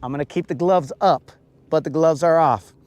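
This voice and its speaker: A man's voice: fairly high pitch, normal speed, darkish tone, dry recording, highs cut off. A man chatting casually on a live stream while fishing outdoors on a lake, ranting in a playful, mock-serious way and stretching out his words.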